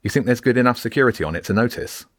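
A man's voice: medium pitch, rapid-fire, voice pushed up, lightly acted. A man voicing an eager teenage schoolboy asking questions in an audiobook.

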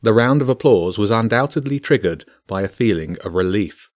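A man narrating a children's bedtime story in a steady, measured reading voice. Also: lowish voice, no echo, studio quality.

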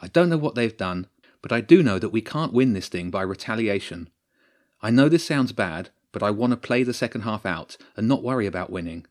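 A practical, no-nonsense girl captain rallies her team in a brisk, commanding tone, voiced by a man reading a storybook. The voice sits a little higher than his own but stays fairly low. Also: animated, lightly acted. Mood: urgent.

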